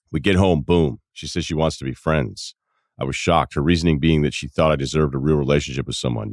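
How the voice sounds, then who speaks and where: Deadpan, very deep-voiced male podcast host. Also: dry recording. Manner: dry, deadpan humor with asides while reading. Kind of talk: casual advice podcast talk, reading listener emails.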